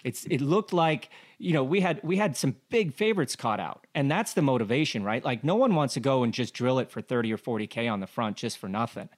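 Male podcast co-host, mid-range voice, animated casual race analysis. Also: mid-range voice, a little fast, hardly any pauses. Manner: animated, rhetorical questions, many fillers.

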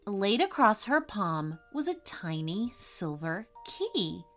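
Gentle woman storyteller, slow lively reading, soft music under it. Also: mid-range voice. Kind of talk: scripted children's story narration.

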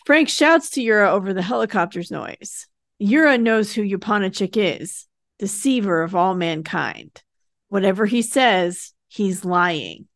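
A woman hosting a podcast talks through a TV episode's plot in casual, steady narration, now and then acting out a character's line. Her voice sits at a middle pitch and is recorded close and dry, with no room sound around it. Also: dry recording. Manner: retells the plot in quick plain narration, acting out characters' lines. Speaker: podcast co-host recapping a TV episode.

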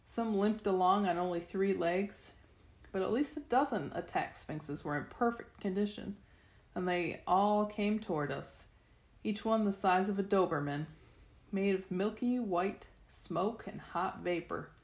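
A woman reads a novel aloud in the first person, her pitch sitting in a mid range. She tells the story steadily and sometimes restarts a phrase. The recording is roomy and echoey. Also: measured pace, darkish tone. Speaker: reader. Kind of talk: first-person audiobook narration. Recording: echoey room.

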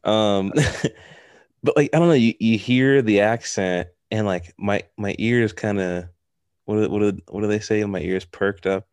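A man with a very low voice chats loosely on a podcast, filling every sentence with "like" and restarts. The sound is dry and close to the mic. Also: moderate pace, darkish tone, smooth, no echo. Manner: chatty, rambling, lots of "like". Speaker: podcast co-host. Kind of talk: casual chat.

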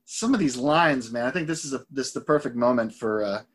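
A man chatting casually on a podcast, with a husky, slightly breathy tone. He tells stories in an animated way, stumbling and restarting his sentences. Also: medium pitch, fairly quick. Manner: animated, frequent restarts, enjoys crude jokes. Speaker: podcast co-host. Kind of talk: casual podcast chat about a film.

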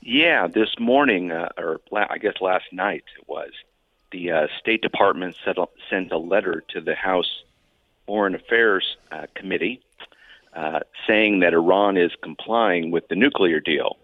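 A man on a tinny phone line with a deep, dry voice. He lays out his points steadily as a guest analyst. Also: a little slow, dry recording. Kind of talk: phone-in interview.

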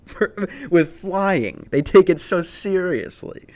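A young adult man hosts a podcast, rambling through stories casually, swearing and laughing a lot and often starting his sentences over. His voice is high and expressive, slow-paced and slightly mellow.

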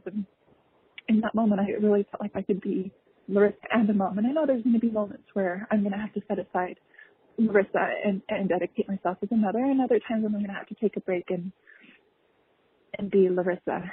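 Young woman, husky voice, halting heartfelt story, phone-quality sound. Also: mid-range voice. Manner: halting and emotional, many pauses and fillers. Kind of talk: personal story. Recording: tinny phone-like recording.

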